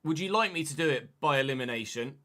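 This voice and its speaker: A man talks through a live stream in a loose, chatty way, drifting into muttered asides to himself and the chat. His voice is bright and forward, sitting at an ordinary pitch for a man. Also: lively intonation, quick pace. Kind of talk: casual live-stream commentary.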